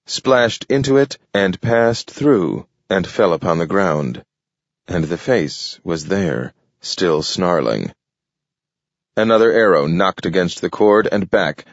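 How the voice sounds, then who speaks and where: A man narrating a story with measured, steady delivery. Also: deep voice, no room sound. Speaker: audiobook narrator. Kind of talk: scripted narration. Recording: dull lo-fi dry recording.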